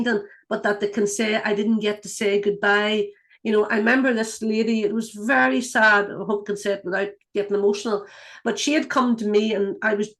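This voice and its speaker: A woman, a clairvoyant and intuitive guide, talking earnestly and rambling through stories with many restarts. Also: medium pitch. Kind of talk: casual spoken teaching, storytelling.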